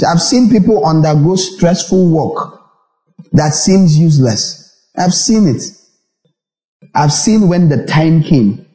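This Nigerian pastor has a slightly high voice and preaches slowly, pausing often, with soft background music. His animated sermon features repetition and acted-out dialogues, recorded in a reverberant, echoey church hall.

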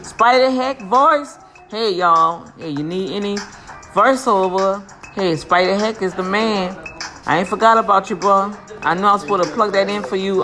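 Woman host, casual and preachy, upbeat shout-out delivery over a music bed. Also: mid-range voice. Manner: lively, preachy, slangy, blessing listeners. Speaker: podcast host giving shout-outs. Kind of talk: casual motivational talk. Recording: music playing behind.

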